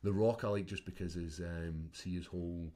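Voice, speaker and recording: A Scottish man chatting as a podcast guest, telling stories in an animated way, with plenty of swearing and laughter. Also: low voice, normal speed. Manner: animated, swearing storyteller who laughs often. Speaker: guest, mixed martial arts fighter. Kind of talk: casual chat.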